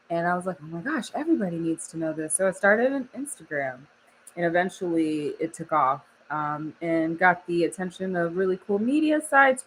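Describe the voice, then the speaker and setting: A woman's voice: lowish voice, a bit bright, slight background noise, poor audio. Chatty young woman on a casual live stream. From Oklahoma. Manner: chatty, laughs often, reads chat aloud. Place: home studio.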